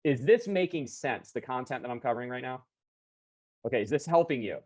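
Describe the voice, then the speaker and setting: Fast-talking energetic man training salespeople. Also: mid-range voice, slightly rough. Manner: energetic, chatty, self-correcting. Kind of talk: live online sales training. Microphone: video call computer mic.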